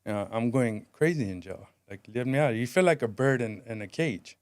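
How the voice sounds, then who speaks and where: Smooth-voiced man telling a raw story. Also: expressive, brisk, darkish tone, no room sound. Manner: candid, street-style talk, drops low when heavy. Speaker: podcast guest. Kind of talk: emotional storytelling.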